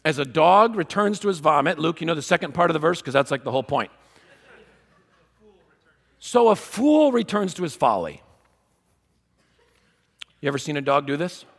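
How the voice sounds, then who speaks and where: A man giving a humorous teaching talk to a live audience, an animated and self-mocking storyteller. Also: on the high side, normal speed, long pauses. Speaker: conference speaker. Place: large conference hall. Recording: long hall reverb.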